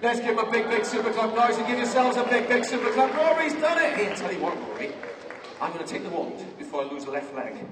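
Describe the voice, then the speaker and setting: A man's voice: high voice, fast talker, recorded from a distance, background noise. A man performing a playful children's magic show on stage, joking with a young helper and yelping in mock pain. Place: large theatre stage before a crowd. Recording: roomy hall with loud crowd, miked from afar.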